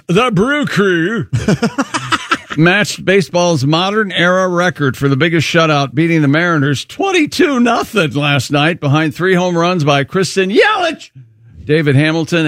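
A man's voice: fairly high pitch, very animated, fairly bright tone, no room sound. Dry-voiced man reading sports scores. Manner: reads scores quickly, jokes between items. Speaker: sports news reader on a radio show. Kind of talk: casual radio show banter, reading news items.

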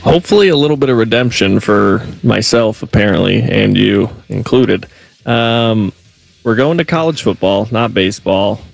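Gravelly-voiced male producer. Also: on the low side, animated, moderate pace, soft background music. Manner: easygoing, a bit hesitant. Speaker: video producer. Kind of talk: casual studio chat.

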